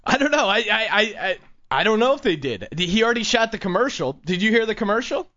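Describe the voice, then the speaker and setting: A man's voice: sits high, expressive, quick pace, pushed and bright, highs cut off. A man hosting a podcast, riffing in a mocking, joking way and laughing often. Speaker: podcast host. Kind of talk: casual comedic commentary.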